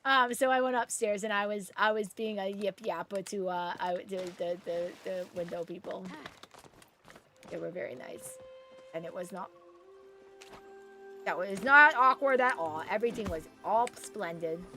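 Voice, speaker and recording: A woman's voice: mid-range voice, moderate pace, sharp tone, soft background music. A young woman streaming a game, chatting casually and rambling as she reads chat and thanks viewers by name. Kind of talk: casual live-stream chat while gaming.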